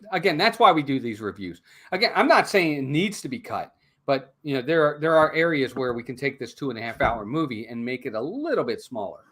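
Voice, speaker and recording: A man's voice: a little high, fairly bright tone. A man co-hosting a casual movie review, talking emphatically and repeating words as he makes his points. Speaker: co-host, film reviewer.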